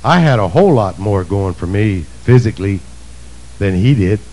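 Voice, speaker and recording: A male preacher delivering a sermon, emphatic and swinging between shouts and low asides. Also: animated, moderate pace, low-quality recording.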